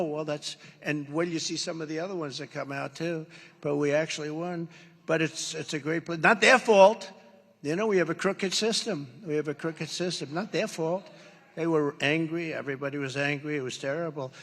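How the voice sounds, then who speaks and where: An older man delivers a rambling, boastful campaign rally speech, his voice forceful and pitched a bit high. He acts out quoted exchanges as he goes. The sound rings with the long reverb of a large hall. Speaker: political speaker at a rally.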